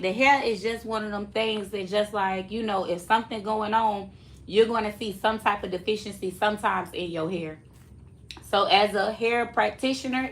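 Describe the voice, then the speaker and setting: A woman loc stylist, chatting casually and teasingly to her viewers in a salon vlog. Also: medium pitch. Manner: chatty, animated, teasing, laughs often. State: recovering from a choking fit.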